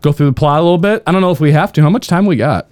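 A man's voice: a little high, racing, a little mellow, no echo. A man co-hosting a casual movie podcast, joking around and laughing often. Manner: jokey, laughs often, playful impressions. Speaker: podcast co-host.

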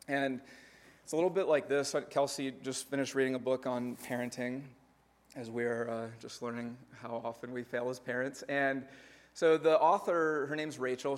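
A young adult man, a pastor, gives a conversational sermon built on numbered points with lively asides. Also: mid-range voice.

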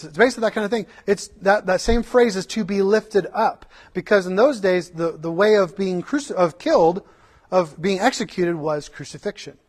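A man with a notably high voice delivers a sermon in the manner of a passionate preacher. He presses his listeners with rhetorical questions, then drops into earnest, conversational asides full of restarts. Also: a little mellow. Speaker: pastor.

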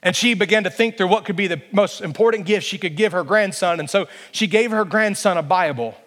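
A man's voice: high voice, fairly quick, a bit bright, in a large hall. A male pastor preaching a sermon emphatically, building to passionate peaks.

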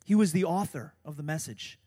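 A middle-aged man preaching a sermon as pastor, swinging from soft, low asides to loud, urgent emphasis. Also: fairly quick, slightly rough. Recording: long hall reverb.

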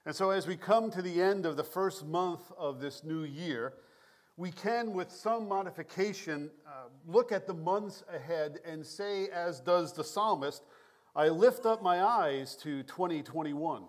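A man pastor preaching a sermon in a measured, prayerful cadence, reading scripture and leading prayer. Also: sits high. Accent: New York.

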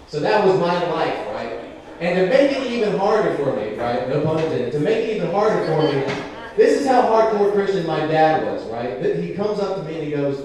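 A young male stand-up comedian with a fairly high voice rambles through a profane club set, tossing in constant asides. He sounds a bit distant from the mic, in a very echoey room. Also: expressive, brisk, warm tone.

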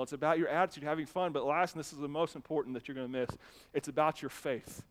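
A male pastor preaching an emphatic sermon to his church, later softening into a quiet invitation for the congregation to reflect. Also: a little high. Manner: emphatic preaching with rising intensity, then soft invitation.

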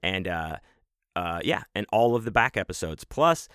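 A man hosting a podcast, giving casual, effusive shout-outs to supporters and swearing freely. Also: sits low, expressive, moderate pace, clear, resonant tone, no echo, clean studio sound. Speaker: podcast host.

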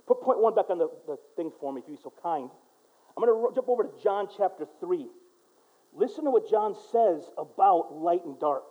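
American male pastor, very high voice, earnest sermon delivery swinging loud to hushed, muffled recording. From United States. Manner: earnest, swings from loud and urgent to quiet and low; mimics people in quoted asides. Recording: dull lo-fi recording.

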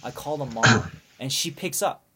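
A man's voice: mid-range voice, a little slow. Rambling man telling a story. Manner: rambling, animated, many restarts. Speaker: storyteller asking for advice. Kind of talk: casual storytelling.

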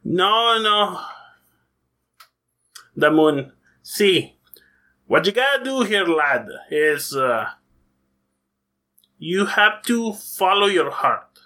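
A man voicing a gentle, human-sized male duck who is a school counselor, in a put-on Scottish accent and a soft, coaxing, fatherly manner. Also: sits high, expressive, extremely slow, pauses often, full character voice. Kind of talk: tabletop role-play character voice.

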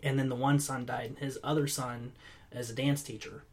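A man in casual chat, telling stories in an animated way and laughing easily. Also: mid-range voice, a little fast.

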